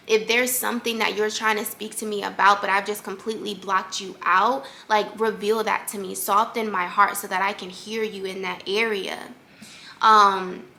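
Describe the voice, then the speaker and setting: A young woman talks through a faith podcast episode slowly and earnestly, sprinkling in casual fillers. Her voice sits a little high, with a gravelly edge and a bright, forceful tone. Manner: conversational, filler-heavy, earnest and animated. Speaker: podcast host.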